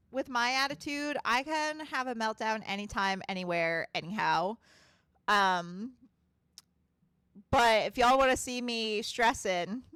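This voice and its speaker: A woman's voice: fairly high pitch, pushed and bright, clear, resonant tone, no echo, studio quality. A woman streaming a game, chatting casually, swearing freely and laughing often. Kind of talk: casual gaming commentary.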